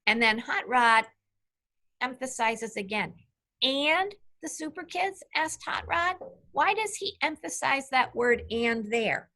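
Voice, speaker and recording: Woman teacher, patient online reading lesson, slow and bright, slightly high voice. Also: expressive. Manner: patient, clear, asks children questions by name.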